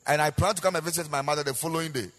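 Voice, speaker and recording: Husky Ghanaian pastor preaching in a hall. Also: male voice, a little high, fairly even intonation, very fast, a bit bright, faint music behind. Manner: preaching with sung, rising and falling emphasis and repetition. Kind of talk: sermon. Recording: echoey hall with long reverb.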